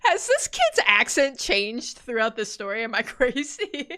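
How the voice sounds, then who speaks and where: Bright, lively woman streamer reacting. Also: fairly high pitch, measured pace. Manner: incredulous, joking, laughing asides. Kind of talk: live reaction commentary.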